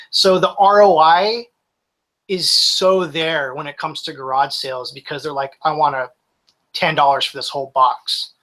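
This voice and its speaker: A man's voice: fairly high pitch, sharp tone, rough recording. A man in his forties, a reseller guest talking casually in a live-streamed interview, rambling with restarts.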